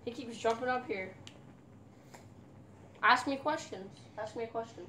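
A woman's voice: fairly high pitch, unhurried, bright, forceful tone, slight background noise. A young woman vlogging at home in a casual, playful, teasing way. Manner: playful, teasing trash talk. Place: house, indoors and outside.

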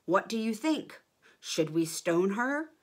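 A woman voicing a crowd of men who loudly demand an answer in a Bible story for children. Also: mid-range voice, very animated, slow pace. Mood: accusing. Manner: insistent, loud demanding.

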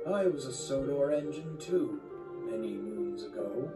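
A man's voice: medium pitch, animated, unhurried, far from the mic, pitched above the performer's own voice, close to an everyday voice. A man doing a weary, kindly old steam engine. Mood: warm weary. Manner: warm but tired, chuckling. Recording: loud background music.

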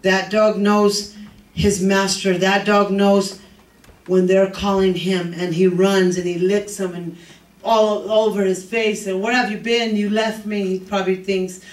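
An older man preaching a sermon as a pastor, fervent and rising to shouts, with joking asides. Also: sits high, little pitch movement, unhurried. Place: church sanctuary. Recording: echoey, distant room recording.

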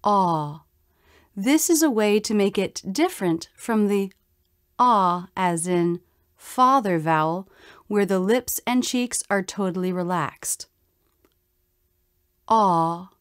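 A woman explains mouth positions at a deliberately slow pace, pausing to model each vowel. Her voice sits at an ordinary pitch. The sound is dry and close, with no room around it. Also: no echo. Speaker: pronunciation teacher. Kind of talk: scripted instructional narration.

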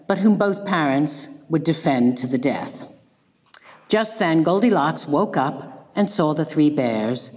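Woman lecturer, wry deadpan delivery, lively pitch, echoey hall. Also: unhurried. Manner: dry, ironic, deadpan asides. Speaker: guest lecturer. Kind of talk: public lecture, retelling a tale.

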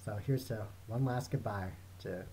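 A man's voice: on the low side, measured pace. A teenage young man giving a casual recorded farewell message in an upbeat, easygoing way, with filler words. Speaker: student theater member closing the video.

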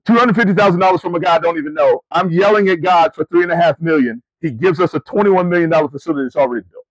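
Man, middle-aged, preacher, animated storytelling, emphatic questions, addresses crowd as family, fairly high voice, dry sound. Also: very fast, no echo, lo-fi sound. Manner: conversational, addresses listeners as family and y'all. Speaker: preacher and camp ministry CEO. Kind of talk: sermon to student athletes.

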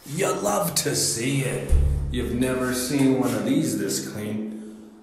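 A man vlogging on a road trip, crude and excitable, swearing constantly as he talks. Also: medium pitch, takes it slowly, soft background music. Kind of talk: profane outdoor travel vlog. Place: outdoors at nature spots on a road trip. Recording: loud outdoor noise, wind and vehicles.

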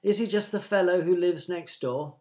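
A man's voice: high-pitched, moderate pace, a little mellow, voice pushed up, natural voice. A man voicing a sly grown man in a crowd who asks probing questions to trick the teacher.

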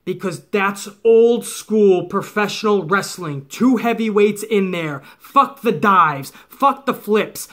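A man's voice: high-pitched, bright, forceful tone. Profane ranting middle-aged man. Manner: profane, heated, mocking. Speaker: wrestling commentator. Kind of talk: ranting commentary.

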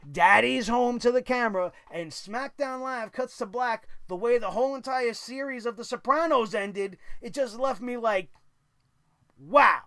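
A man's voice: extremely high pitch, normal speed, few pauses, fairly bright tone, smooth, no room sound. A man hosting a wrestling review show, giving blunt, opinionated commentary with casual swearing.

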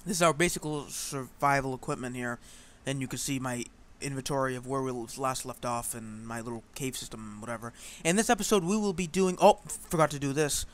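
A gaming channel host, male, talks through a let's play in a mid-range voice, moving briskly with few pauses. His chatter rambles and is packed with fillers.

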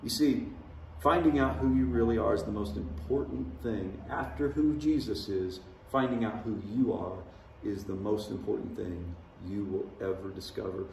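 A man's voice: fairly low pitch, normal speed, creaky, few pauses, a little mellow, a little hiss or hum. A man, a pastor, preaching a sermon in a conversational style. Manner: conversational preaching with dramatic voiced quotes. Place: large church sanctuary. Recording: echoey church hall from far off.

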